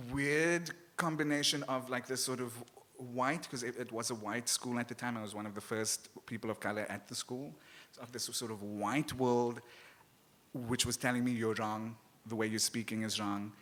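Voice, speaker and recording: A man with a Cape Flats South African accent speaks on a live festival stage, his voice bright and forceful. A slight sibilant lisp colours his words. He tells stories with animation, often laughing and acting out voices. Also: medium pitch. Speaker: author guest. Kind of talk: festival panel conversation.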